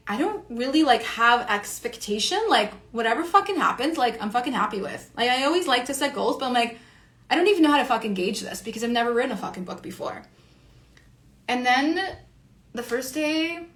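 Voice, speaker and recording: A woman's voice: fairly high pitch, a bit bright. A woman creator talking in a casual monologue, rambling, swearing freely and saying "like" constantly. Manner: rambling and profane, heavy use of "like". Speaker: online creator and educator.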